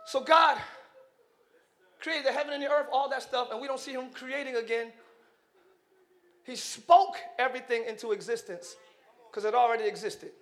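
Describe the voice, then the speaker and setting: A male pastor preaching a live church sermon with energetic shouting and call-and-response to the congregation. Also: very high voice, moderate pace, pauses often.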